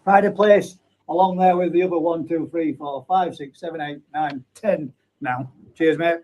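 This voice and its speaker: A man's voice: fairly high pitch, moderate pace, a little mellow, a little hiss or hum, rough recording. Man hosting a chatty live stream. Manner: chatty, banters and reads names aloud. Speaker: host of a live pond chat stream. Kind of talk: casual chat, reading out viewer comments.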